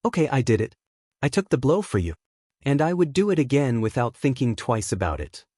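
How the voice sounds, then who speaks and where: A man's voice: medium pitch, big pitch swings, fairly quick, dark tone, no echo, clean studio sound. A man reading fan fiction aloud and voicing an earnest young man's ghost who pleads and defends himself. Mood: pleading.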